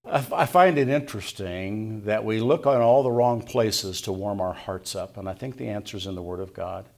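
Gravelly older pastor telling a story. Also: male voice, fairly low pitch, moderate pace. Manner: folksy storytelling, quoting people in softer voices. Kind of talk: sermon.

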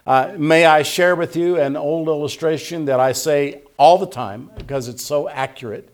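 A man's voice: on the high side, moderate pace. Man preaching an earnest sermon. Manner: earnest preaching, stresses repeated words, quotes scripture. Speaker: pastor.

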